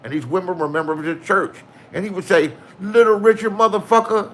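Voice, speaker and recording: A man's voice: a little high, fast talker, a bit bright, slight background noise. A man in his sixties telling rambling, profane anecdotes in a casual storytelling style, acting out the people in them.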